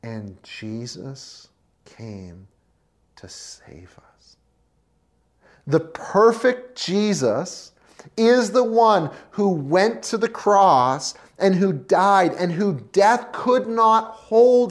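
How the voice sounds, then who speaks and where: A preacher delivering a passionate sermon, swinging from hushed, intimate lines to loud, emphatic ones, and addressing listeners as friends. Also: medium pitch.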